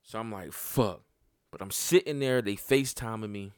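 A man hosting a podcast, telling a personal story in casual, profane talk that climbs sharply in pitch when he gets worked up. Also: fairly quick, smooth, dry recording, clean studio sound. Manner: animated and profane, voice jumping up when heated. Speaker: podcast host.

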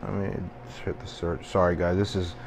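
A man's voice: low-pitched, little pitch movement, brisk, vocal fry, slight background noise. A young man hosting a solo podcast, rambling and venting casually with frequent swearing and self-deprecating asides. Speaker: podcast host.

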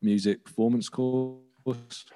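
A man's voice: mid-range voice, steady tone, slow pace, warm tone. A young man, chatting casually on a podcast about music, rambling with restarts and casual swearing. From England. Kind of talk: casual chat.

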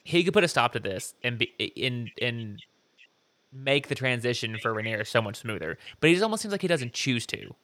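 A man's voice: mid-range voice, very animated, fairly quick, sharp tone. A man co-hosting a podcast in casual chat, talking bluntly and conversationally. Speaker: podcast co-host.

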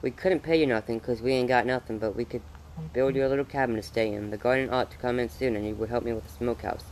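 A man's voice: medium pitch, steady tone, fast, a little mellow, a little hiss or hum, lightly acted, rough recording. A man voicing a kind, practical frontier father who talks plainly and welcomingly.

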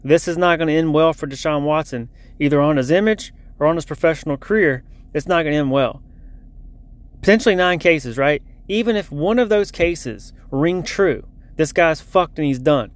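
A man's voice: fairly high pitch, normal speed. A man giving a casual lunch-break sports update in a blunt, heated, profane rant.

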